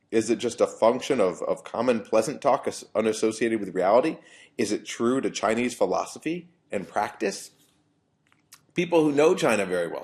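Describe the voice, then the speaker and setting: A man, a professor, giving a university lecture in an explanatory way, often restarting phrases. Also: medium pitch.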